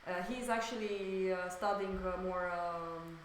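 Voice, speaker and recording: A woman chats while she paints, excitable and tripping over her words. Her voice rings around a very echoey room. A faint hiss sits under it. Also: lowish voice, unhurried. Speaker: streamer painting on stream. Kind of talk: casual chat while painting.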